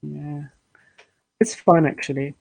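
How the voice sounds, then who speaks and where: A man's voice: on the high side, slow pace, creaky, low-quality recording. Chatty man hosting a livestream. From United Kingdom. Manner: relaxed, chatty, restarts often. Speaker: livestream host and musician. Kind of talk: casual live chat.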